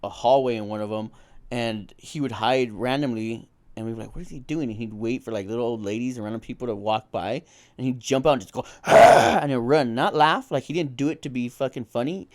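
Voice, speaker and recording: Young man with a smooth, clear voice. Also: mid-range voice, fairly even intonation, brisk. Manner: laid-back, agreeing, swearing. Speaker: podcast co-host. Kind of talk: casual chat.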